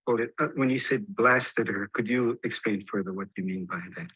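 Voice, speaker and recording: A man who guides a ho'oponopono mediation, asking calm, probing questions. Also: mid-range voice, normal speed, husky, no room sound, poor audio. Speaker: ho'oponopono facilitator. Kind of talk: guiding a role-play mediation.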